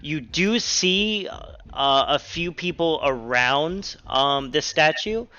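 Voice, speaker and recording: A man narrating as game master of a tabletop role-playing game, relaxed and hesitant, with many pauses and fillers. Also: on the high side. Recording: slightly dull lo-fi audio with faint music.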